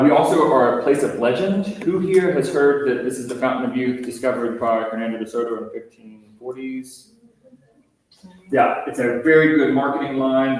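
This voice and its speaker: A man, a park ranger and historian, leading a guided talk in a loose, conversational way with many fillers. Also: mid-range voice. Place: indoor room with a group. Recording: very echoey room, voice from far off.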